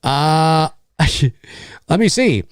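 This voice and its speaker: A man in his forties chats through viewer questions on a live stream, rambling and laughing as he goes. His pitch swings widely from low mutters to high bursts. The sound is close and dry, with no room behind it. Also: animated, drawn-out words, smooth, no echo. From Canada. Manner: rambling, laughs often, hams up movie quotes. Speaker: host answering viewer questions. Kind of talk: casual live-stream Q&A chat.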